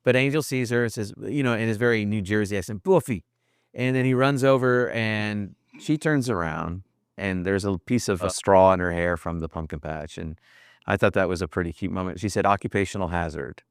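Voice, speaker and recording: A man co-hosting a podcast talks through a TV episode in a wry, chatty way, often restarting his words. His voice sits fairly low and sounds smooth and clear. The recording is dry and close. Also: brisk, no echo. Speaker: podcast co-host. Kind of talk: casual TV episode discussion.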